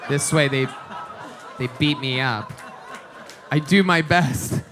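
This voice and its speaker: A man hosting a live comedy show, teasing guests with crude jokes and quick laughs on a comedy club stage. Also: on the high side, a bit bright, some chatter behind, a little hiss or hum.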